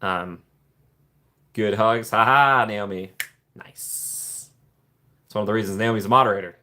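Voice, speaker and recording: A man hosting a casual live stream, chatting warmly with viewers and greeting them by name from the chat. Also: on the low side, brisk, slight background noise. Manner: playful put-on excited voices when joking. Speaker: livestream host reading chat.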